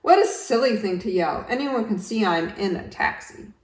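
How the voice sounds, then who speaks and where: A woman voicing a cheerful, self-important yak taxi driver who never stops talking, rattling on fast and loud. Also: expressive, natural voice. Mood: chattering. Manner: rattles on fast, loud and high-pitched, barely pausing. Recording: roomy, distant home recording.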